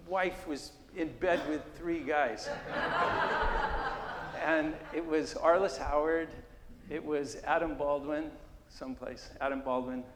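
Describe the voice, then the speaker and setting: A man in his sixties telling a lively anecdote to an audience at a gallery talk, acting out the quotes and laughing often. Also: on the high side. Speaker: guest speaker. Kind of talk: live anecdote before an audience. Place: gallery exhibition talk, hall before an audience. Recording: echoey hall, noisy room.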